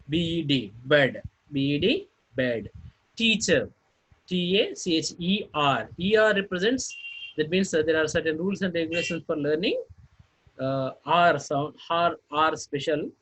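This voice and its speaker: A man gives a phonetics lesson in a husky, slightly raised voice. He speaks very slowly, spells words letter by letter, and fills his pauses with hesitant uhs. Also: on the high side, expressive, a bit bright, low-quality recording. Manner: halting, many fillers, spells words letter by letter. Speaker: teacher. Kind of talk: phonetics lecture.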